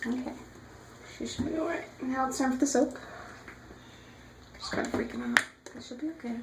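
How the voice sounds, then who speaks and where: A woman soothing her pet rabbit in a soft, gentle voice as she bathes it in a tub. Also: high-pitched, normal speed, heavy background noise. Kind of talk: casual vlog chat. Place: bathroom at a bathtub. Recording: echoey bathroom with loud running water.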